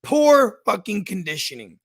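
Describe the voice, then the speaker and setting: A man riffing through a late-night sports chat with loose, profane humor and animated storytelling. His voice has a gravelly grain with a bright, forward tone. The sound is dry and close. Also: sits high, unhurried, dry recording. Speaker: podcast co-host. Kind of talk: casual late-night fantasy football chat.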